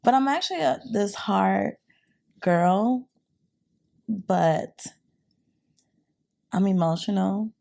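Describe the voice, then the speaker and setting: A woman's voice: medium pitch, lively intonation, slow pace, gravelly, long pauses, dark tone. A woman with a New York accent, a podcast guest chatting in a sassy, emphatic way. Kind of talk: casual chat.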